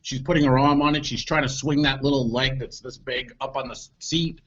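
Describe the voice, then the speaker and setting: A man co-hosting a comedy podcast, telling an animated story and acting out the voices of the people in it. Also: mid-range voice, fairly quick, highs cut off. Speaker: podcast co-host.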